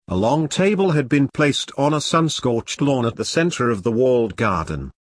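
A man narrating a story in a measured storytelling voice. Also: mid-range voice, husky, no room sound, clean studio sound. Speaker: audiobook narrator. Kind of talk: scripted narration.

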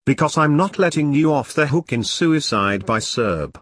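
A man voicing a stern but caring army captain with clipped, commanding speech and a husky voice. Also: fairly high pitch, lively intonation, normal speed, a bit bright, dry recording, clean studio sound.

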